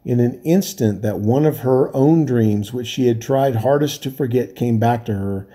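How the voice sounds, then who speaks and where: Warm, husky male storyteller. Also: mid-range voice, normal speed. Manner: calm, steady narration. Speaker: volunteer reader. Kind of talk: storybook reading aloud.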